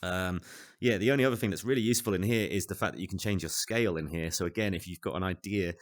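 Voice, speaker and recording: Low-voiced guy rattling through a casual vr music tutorial at home, quick and rambly, joking about himself. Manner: chatty, rambling, self-deprecating, with many asides. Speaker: VR music app tutorial host. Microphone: desk microphone.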